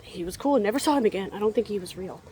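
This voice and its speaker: A woman's voice: mid-range voice, animated, rapid-fire, warm tone, slight background noise, low-quality recording. Tired young woman rambling on a zoo walk. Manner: rambling, tired, sighing often. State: exhausted. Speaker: vlogger. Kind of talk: rambling vlog chat. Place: outdoors walking around a zoo. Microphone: handheld phone camera.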